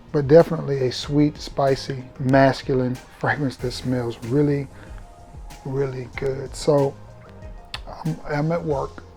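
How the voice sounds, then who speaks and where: Southern guy chatting about colognes, warm voice, cracking jokes, kinda cocky, soft music behind. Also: on the high side. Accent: Southern American. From Alabama, USA. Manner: chatty, joking and self-assured. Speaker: fragrance reviewer. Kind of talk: casual storytelling vlog.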